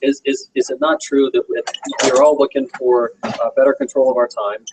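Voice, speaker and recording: A man's voice: mid-range voice, level tone, normal speed, background noise. A man in his forties speaking to a meeting audience, telling a personal story in an earnest, direct way. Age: 40s. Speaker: guest motivational speaker.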